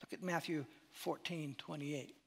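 A man preaching with a high, bright voice that swings between loud exclamations and hushed near-whispers. His sermon is dramatic and animated, and a long hall reverb hangs behind every line. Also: measured pace, gravelly, breathy edge. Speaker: pastor.

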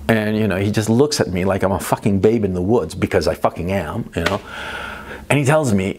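A man's voice: on the low side, brisk, darkish tone. Profane, rambling middle-aged man telling a story. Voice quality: profane, rambling, with frequent tag questions. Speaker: host. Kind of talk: casual storytelling monologue.

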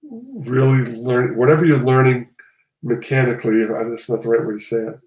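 A man's voice: mid-range voice, lively intonation, a little fast, a little mellow, reverberant, low-quality recording. A man, a comic artist guest, talking casually and rambling, often restarting and correcting himself. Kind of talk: casual conversation.

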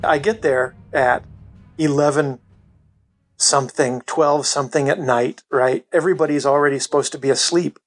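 Middle-aged male guest, fairly high voice, chatty storyteller. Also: steady tone, moderate pace, faint music behind. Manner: chatty, many "you know" fillers, laughs often. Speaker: podcast guest. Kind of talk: casual storytelling.

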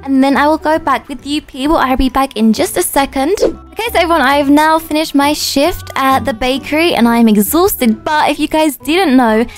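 A young woman, a YouTuber chatting excitedly through a roleplay game, with gasps and playful asides. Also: high voice, normal speed, hardly any pauses, soft background music. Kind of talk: roleplay gameplay commentary.

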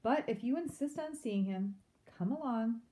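A worried mother mouse from a storybook, as a woman reader voices her. She sounds fretful and gentle, with a soft, warm tone. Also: fairly high pitch, lively intonation, moderate pace, voice pushed up, close to an everyday voice. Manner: fretful, anxious.

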